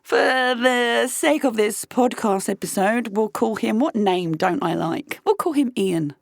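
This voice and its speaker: A woman's voice: on the high side, unhurried, vocal fry, no echo, studio quality. A woman hosting a podcast who tells a personal story in a candid, profane way and keeps breaking into laughter. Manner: animated, profane, laughing between lines. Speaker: podcast host.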